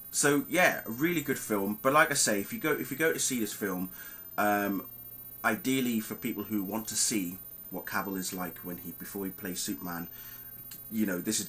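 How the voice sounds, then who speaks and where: A man giving a casual spoken film review, animated and emphatic, talking straight to his viewers with plenty of ums. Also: low-pitched, a little hiss or hum, poor audio. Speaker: movie reviewer.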